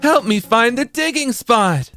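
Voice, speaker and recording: Guy doing a chirpy lil cartoon explorer girl voice, high and singsongy, asking the viewers stuff. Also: expressive, a little slow, bright, forceful tone, dry recording, soft background music, full character voice. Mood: eager. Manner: sing-song, high, coaxing questions to the audience.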